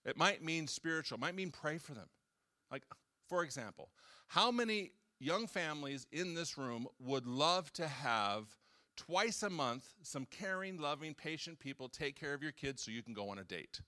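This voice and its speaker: A man's voice: fairly high pitch, normal speed. A man in his sixties preaching a sermon in a church, talking casually and acting out little dialogues. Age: 60s. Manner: animated, conversational preaching with acted-out dialogue. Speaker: pastor. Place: church hall.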